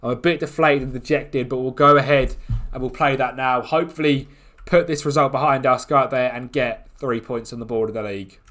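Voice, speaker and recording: A man commentating on his own football management game, excitable and quick to groan and shout at the action. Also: medium pitch. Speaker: gaming YouTuber.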